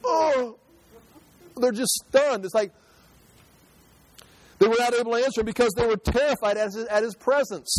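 A man teaching through a Bible passage as a preacher, reading verses and retelling them with lively, dramatic asides. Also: very high-pitched, normal speed, long pauses, dry recording, poor audio. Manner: animated, dramatizing scripture with interjections.

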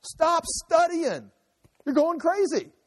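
A man voicing an exasperated Roman governor with high, mocking exclamations. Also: big pitch swings, slow pace, big-room sound, full character voice.

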